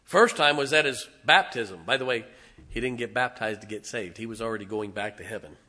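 Male preacher, animated sermon storyteller, bright and forceful. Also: mid-range voice, fairly quick. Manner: emphatic storytelling with audience call-outs. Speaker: pastor.

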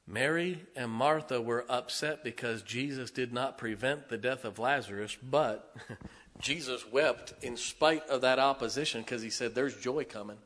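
A middle-aged male pastor preaches a sermon in a mid-range voice at a measured pace. He tells folksy stories and swings between loud declarations and hushed asides.

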